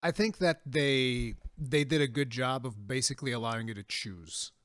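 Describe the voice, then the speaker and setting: A man hosting a casual gaming podcast, telling animated stories and laughing often. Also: medium pitch, normal speed, dry recording, studio quality. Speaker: podcast host.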